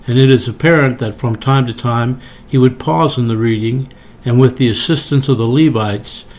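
A man preaching a sermon, reading scripture in a measured, reverent way. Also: mid-range voice, a little mellow, slight background noise.

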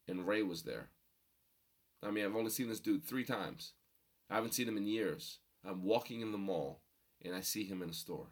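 A young man telling personal stories to an audience, animated and humorous, building to emphatic points. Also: sits low. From New Jersey. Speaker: motivational storyteller. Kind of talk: storytelling talk to an audience.

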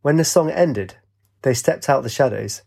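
A man reading a fantasy story aloud in a steady, descriptive storybook narration. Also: mid-range voice, moderate pace, vocal fry.

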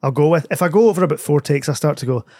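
A Scottish man, a comedian guest, telling stories with frequent laughter and quick character voices. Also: on the high side, lively intonation, warm tone, dry recording, clean studio sound. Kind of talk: animated conversational storytelling.

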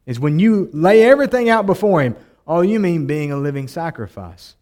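A man preaching a sermon as pastor, with a voice pitched a little above most men's. He hammers phrases by repeating them and swells into loud, heartfelt appeals. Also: animated, moderate pace. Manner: preaching, voice rising to near-shouting in emotional appeals.

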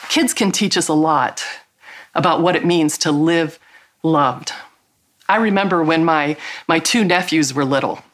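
A woman's voice: deep voice, measured pace. A middle-aged woman giving a devotional teaching talk, earnest and emphatic, drawing out key words. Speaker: Christian speaker.

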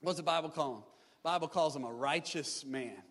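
A male pastor giving a live sermon, building to shouted emphasis with repeated refrains. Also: a little high, fairly quick. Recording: live sermon in reverberant hall.

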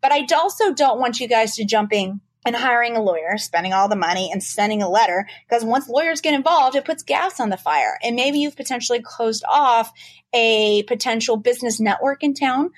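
Fast-talking female trademark lawyer. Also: fairly high pitch, no echo. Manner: fast-talking, animated, explanatory. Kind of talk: casual podcast interview.

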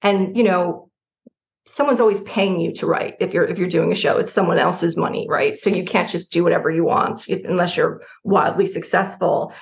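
A middle-aged woman from New Jersey speaks candidly as an interview guest, with a gravelly, fry-edged voice. She is animated, laughs between thoughts and restarts her sentences. The sound is slightly dull and muffled. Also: on the low side, normal speed. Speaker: writer guest.

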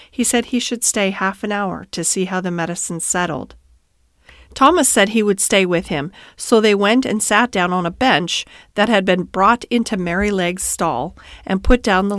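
A woman hosting and reading a bedtime story aloud in a calm, measured way. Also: medium pitch, no echo, clean studio sound. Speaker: host and storyteller.

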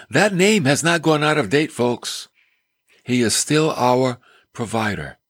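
A man's voice: medium pitch, animated, unhurried, fairly bright tone, dry recording, clean studio sound. A male preacher delivering a sermon in an emphatic storytelling manner. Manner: emphatic, storytelling with acted quotes.

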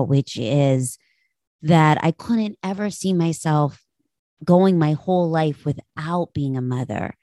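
A woman's voice: sits low, warm tone, no echo, studio quality. A woman in her late thirties hosting a talk show, speaking candidly and confessionally to her listeners about her own life. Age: 30s. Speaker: podcast host. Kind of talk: personal reflective monologue.

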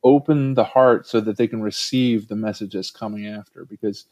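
A comedian and improv performer talking as a podcast guest, earnest and thoughtful about faith. His voice sits low. The recording is dry and close. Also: fairly even intonation, normal speed, no room sound. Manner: earnest, cites scripture, speaks of laughter warmly. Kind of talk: conversational interview guest.

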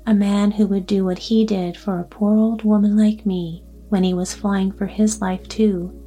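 A woman's voice: mid-range voice, flat delivery, moderate pace, dark tone, soft background music, close to an everyday voice. Woman reading a kindly old grandmother. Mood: tender.

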